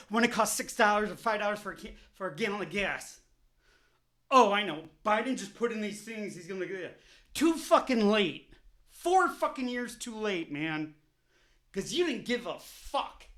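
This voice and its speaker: A vlogger with a high-pitched, sharp-toned voice lets loose a furious political rant. He is heated, profane and repetitive.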